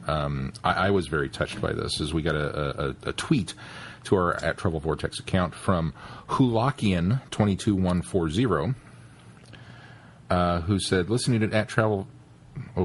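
Animated laughing man co-hosting a podcast. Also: deep voice, a little slow, husky. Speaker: podcast co-host. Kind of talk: casual chat.

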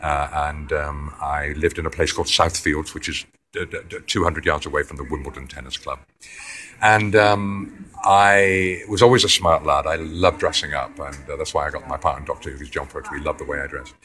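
An English man in his seventies with a deep voice, rambling through long anecdotes as an interview guest. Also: fairly even intonation, normal speed, sharp tone. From England. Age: 70s. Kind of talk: anecdotal storytelling. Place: indoors near a corridor.

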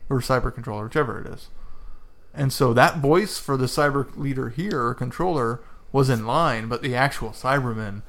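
A man's voice: medium pitch, moderate pace, fairly bright tone. Mid voice guy, podcast chat, earnest, stumbles a bit, laughs at himself. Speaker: podcast co-host. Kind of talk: casual chat.

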